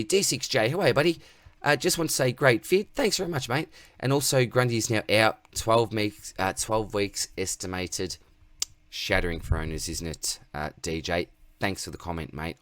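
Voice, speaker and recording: Laid-back Australian host, low-pitched man, dry close sound, chatty Q&A delivery. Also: fairly bright tone, no room sound. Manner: laid-back, reads chat aloud, says mate constantly. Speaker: host answering viewer questions. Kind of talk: casual livestream Q&A.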